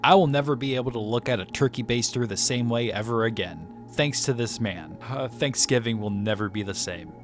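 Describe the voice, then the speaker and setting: A man's voice: mid-range voice, a little fast, hardly any pauses, music in the background. A man casually telling a story about his day at the movies, rambling with frequent restarts and self-corrections, laughing at himself. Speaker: movie reviewer.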